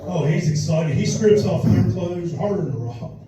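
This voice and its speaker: A man's voice: sits high, moderate pace, noisy background. A man doing a crude, rambling, self-mocking stand-up comedy set. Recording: distant echoey club recording.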